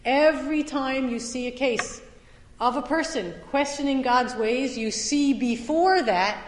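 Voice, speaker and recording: A woman teaching a Torah class as a summer lecture, stressing some points loudly and dropping into quiet asides. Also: sits high, measured pace, a little hiss or hum. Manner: emphatic, swings between loud stresses and quiet asides. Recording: echoey hall with long reverb.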